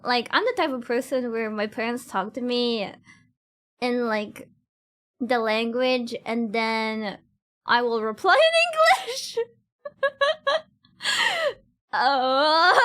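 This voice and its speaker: High-voiced woman chatting to her stream. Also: extremely slow, long pauses, fairly bright tone. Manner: rambling, giggly, many fillers; talks straight to chat. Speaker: cosplay streamer. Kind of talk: casual chat with stream viewers.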